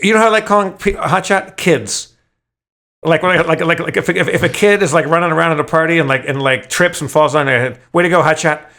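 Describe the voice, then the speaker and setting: A man's voice: fairly high pitch, fairly quick, bright, forceful tone. A man telling a long story in casual podcast chat, rambling with frequent stammered restarts and swearing. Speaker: podcast host.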